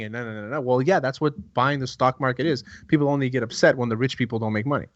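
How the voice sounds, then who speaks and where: A man's voice: mid-range voice, brisk, dry recording, muffled recording. A man co-hosting a casual podcast, emphatic, swearing freely and repeating points for effect. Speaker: podcast co-host.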